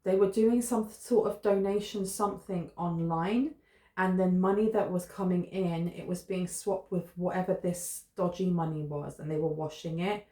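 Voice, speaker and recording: A woman's voice: lowish voice, steady tone, moderate pace, mellow. A woman giving a musing spoken tarot reading and often repeating her points. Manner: musing, repeats herself, loosely hedged. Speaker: tarot reader. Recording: roomy echo, faint noise.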